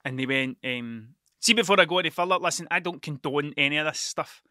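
A middle-aged Scottish man tells a long, rambling story in casual talk and swears often. His voice is bright and forceful and sits a little high. The sound is close and dry, with no room around it. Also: a little fast, no room sound. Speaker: vlogger, musician.

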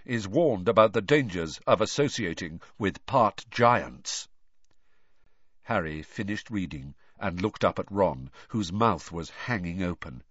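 A male narrator reading a storybook with lively, varied intonation and a slightly husky tone. The recording is dry and close, with a somewhat dull, lo-fi sound. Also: on the low side, no echo. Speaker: audiobook narrator.

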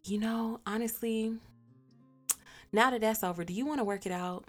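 A woman's voice: fairly high pitch, normal speed, faint music behind, natural voice. A woman quoting her ex-husband in a mocking, whiny voice while telling a story. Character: whiny, defensive ex-husband, adult man.

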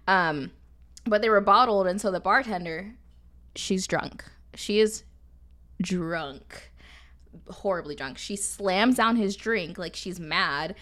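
A young woman co-hosting a podcast in casual chat, telling stories with lively quoted voices. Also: measured pace. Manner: animated storyteller, acts out quotes in a higher voice. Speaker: podcast co-host.

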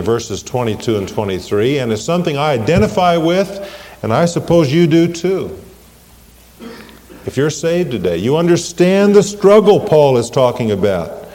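A man's voice: a little high, warm tone. Earnest male preacher in a reverberant hall. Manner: earnest preaching, slows and rises on scripture quotes. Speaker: pastor. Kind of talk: sermon.

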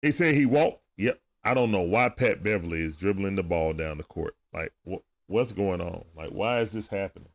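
A man's voice: low voice, animated, normal speed, creaky, few pauses. A man with speech doing loose, chatty play-by-play on a livestream, talking back to players and viewers. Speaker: livestream game commentator. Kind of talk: casual play-by-play commentary.

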